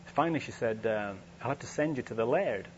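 A man's voice: mid-range voice, a little fast. A male preacher tells a story in a loose, conversational sermon, often restarting his sentences. His voice sits in a middle register. The recording is dull and lo-fi, with a faint hum and noise underneath.

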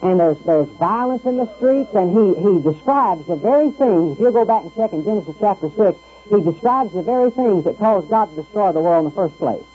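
A man with a high, husky voice delivers a radio sermon in an easy, conversational way. He stumbles and restarts now and then, and he acts out the voices he quotes. The sound is thin and phone-like, with faint music underneath. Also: expressive, a little fast. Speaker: preacher.

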